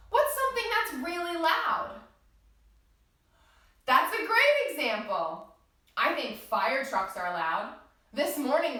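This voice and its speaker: A woman guides small children through yoga with a cheerful, sing-song voice that lifts high and swoops low. Her tone is bright and clear, and she speaks slowly and deliberately, as if to toddlers. She is recorded from some distance in a very echoey room. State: out of breath after dancing. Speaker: kids yoga teacher.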